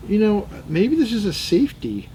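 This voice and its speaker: A high-voiced American man with wildly swooping pitch and a mellow tone talks at normal speed as a channel host, casually chatting while he takes apart and cleans a gun. He thinks aloud, mutters to himself and jokes in rambling tangents as he works. The low-quality recording has slight background noise.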